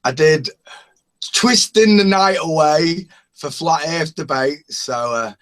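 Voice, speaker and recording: Slow-talking man with a higher voice. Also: fairly bright tone. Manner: rambling, chuckling, humming bits of parody songs. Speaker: open-mic hangout participant. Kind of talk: casual chat.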